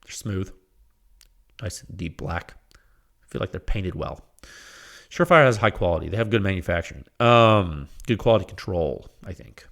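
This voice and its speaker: A man's voice: deep voice, lively intonation, moderate pace, gravelly, pauses often, fairly bright tone. A man hosting a podcast, talking in a casual, rambling monologue with exasperated rants, frequent laughter and quoted asides. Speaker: podcast host.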